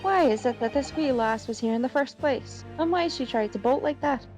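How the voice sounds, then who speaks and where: Woman doing a brogue-voiced courtroom witness for a fan game dub; formal, higher voice. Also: moderate pace, music in the background, close to an everyday voice. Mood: earnest. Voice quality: put-on Irish-Scottish lilt. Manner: formal, old-fashioned phrasing. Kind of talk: fan voice-over of game dialogue.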